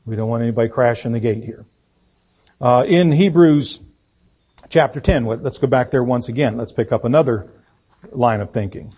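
A man preaching a sermon as pastor, speaking deliberately and emphatically, with fillers and restarts. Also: medium pitch, dark tone, breathy edge. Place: church sanctuary.

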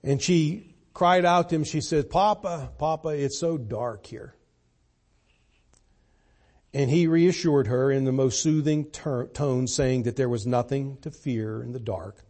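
A man preaching a sermon, pressing key points hard and then dropping to a soft, hushed voice. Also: medium pitch, moderate pace, few pauses. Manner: emphatic, swings from loud to soft.

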